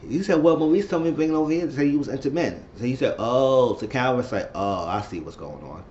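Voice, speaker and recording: A man talks through a TV episode in a loose, chatty recap, with a voice of middling pitch. He breaks into loud reactions to what the characters do. The recording sounds a bit dull, with a faint hiss behind him. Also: expressive, fast talker. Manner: chatty, reacts loudly to the plot. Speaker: TV show reviewer.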